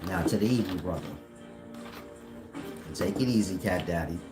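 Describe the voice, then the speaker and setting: A man's voice: low-pitched, normal speed, music in the background, rough recording. A man in casual online talk, slangy and mocking, who laughs often at his own jokes. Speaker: online commentator.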